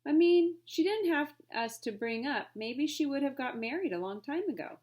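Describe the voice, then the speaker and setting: A woman's voice: expressive, normal speed, a little mellow. A woman doing an eager young boy. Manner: high, eager questions.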